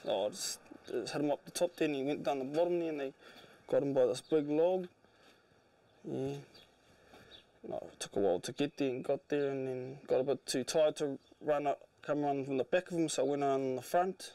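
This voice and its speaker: A man's voice: medium pitch, normal speed, dark tone, no echo, far from the mic. A man, a pig hunter, recounting a hunt in a plain, understated way.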